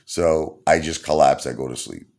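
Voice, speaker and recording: Deep, gravelly male storyteller; rambling, animated comedic anecdote. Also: normal speed. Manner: rambling, animated, repeats himself, laughs at his own story.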